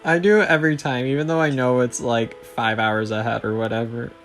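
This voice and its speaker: A man's voice: medium pitch, fairly even intonation, fairly quick, soft background music. A man streaming a game tournament, chatting in a laid-back, giggly way. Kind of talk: casual stream banter.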